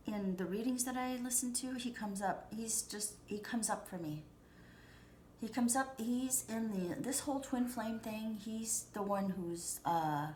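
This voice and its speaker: A woman talks through a tarot reading in a loose, reassuring way, full of fillers and restarts. Her voice sits at an ordinary middle pitch. The room is echoey, with a faint background hiss. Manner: chatty and reassuring, rambling with many fillers and restarts. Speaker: tarot reader. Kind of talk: casual spoken tarot reading. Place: at home.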